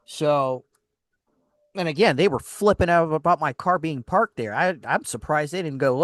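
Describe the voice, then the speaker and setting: A man's voice: on the high side, normal speed, no room sound. A man hosting a casual talk show on a studio microphone, telling a story in an exasperated tone and acting out the other people in it. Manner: animated, acts out other people's lines in the story; exasperated, laughs between lines. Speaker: radio host.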